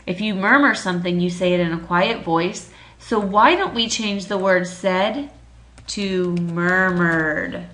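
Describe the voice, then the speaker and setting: A woman teaching a writing lesson in a bright, clear voice. She speaks slowly and deliberately, walking through each step. Her pitch sits in an ordinary middle range. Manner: slow, deliberate, explaining step by step.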